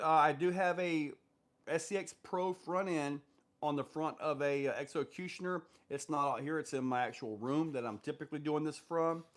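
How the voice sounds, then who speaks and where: A man hosting a casual live stream, reading viewer comments aloud and answering them in a loose, rambling way with lots of fillers. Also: fairly high pitch. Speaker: livestream host answering viewer questions.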